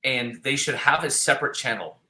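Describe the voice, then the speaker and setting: A man chats about golf in a rambling, emphatic way, his voice bright and forward. The room around him rings with a noticeable echo. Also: medium pitch, fairly quick. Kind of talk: casual golf chat.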